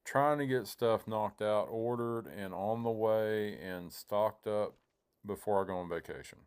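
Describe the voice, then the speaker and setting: A man with a drawl talks through a replay of his own match, low-voiced and loose. He rambles, restarts his sentences, and acts out what he was thinking in the heat of play. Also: unhurried, darkish tone, clear, resonant tone. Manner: rambling, self-interrupting, reenacts his own panicked thoughts. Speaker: gaming YouTuber. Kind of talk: casual gameplay commentary.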